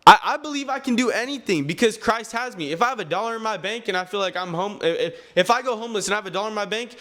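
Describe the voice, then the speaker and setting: A man's voice: high voice, fairly bright tone. A nineteen-year-old man talking to the camera in an earnest, preachy way about his faith, often repeating words and restarting sentences as he addresses his viewers. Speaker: clothing brand owner and vlogger. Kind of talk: faith-driven motivational talk to camera.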